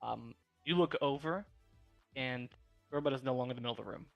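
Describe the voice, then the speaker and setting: A man narrating as game master, chatty and relaxed, with a lot of filler words. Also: medium pitch, fast talker, vocal fry, no echo, faint music behind.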